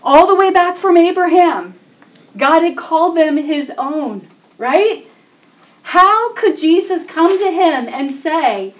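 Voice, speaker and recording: A woman's voice: extremely high pitch, animated, slow. A woman preaching a Bible teaching, reading scripture aloud and asking her listeners rhetorical questions.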